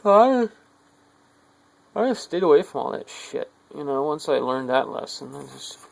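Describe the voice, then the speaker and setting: A man with a gravelly, rough edge to his voice delivers a bitter, profanity-laced rant to the camera. He drifts between low, weary muttering and sudden angry shouts, full of contempt for his listeners. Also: very animated, normal speed, low-quality recording. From United States. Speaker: video diarist. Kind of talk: angry rambling monologue.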